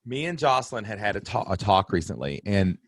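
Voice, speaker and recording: A man's voice: lowish voice, very animated, a little fast, no echo, studio quality. A man hosting a podcast, telling a story in casual chat with many restarts and an easy, rambling manner. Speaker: podcast host.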